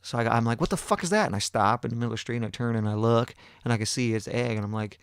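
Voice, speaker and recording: A man's voice: mid-range voice, racing, clear, resonant tone, no room sound, clean studio sound. Profane storytelling podcast man. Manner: profane, animated, acts out other people's lines. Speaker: podcast host. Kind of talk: casual storytelling.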